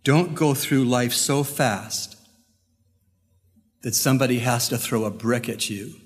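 A male pastor preaches with earnest, deliberate phrasing and pauses, telling a story to make his point. His voice sits at an ordinary mid pitch. It rings through a church sanctuary with a long reverb. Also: breathy edge, faint music behind. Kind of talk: sermon with storytelling.

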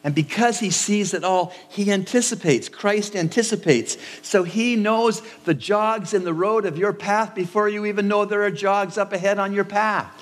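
A man preaching a sermon as pastor, in a measured, repetitive cadence in a church sanctuary. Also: high-pitched, long reverb tail.

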